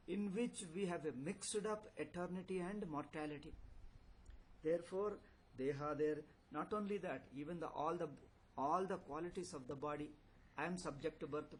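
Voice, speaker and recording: High-voiced man lecturing. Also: a little hiss or hum, rough recording. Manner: rhetorical questions, repetition, chuckles. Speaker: swami teaching a scripture class. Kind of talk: philosophy lecture.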